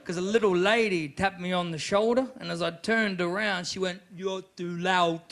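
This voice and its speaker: A man doing an animated live stand-up routine, sometimes shouting in character. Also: high voice, brisk, gravelly, crowd noise. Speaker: stand-up comedian.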